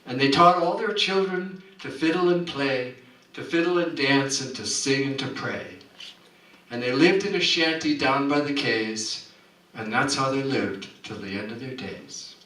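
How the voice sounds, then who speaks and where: A man's voice: medium pitch, unhurried, pushed and bright. A man at a community coffeehouse reciting a rhyming story poem with rhythmic, theatrical delivery. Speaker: performer. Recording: roomy hall, distant mic.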